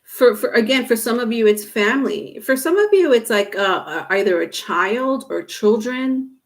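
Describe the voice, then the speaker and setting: A woman with a slightly high voice gives a live tarot reading straight to her viewers. She talks in a loose, chatty way, teasing and digressing, and keeps breaking into laughter. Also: animated, moderate pace. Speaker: tarot reader.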